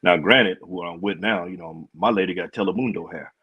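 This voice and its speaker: A man in a casual podcast chat, talking in a relaxed, rambling way. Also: low voice, a little fast, breathy edge, dry recording, dull audio. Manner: relaxed, rambling, lots of fillers.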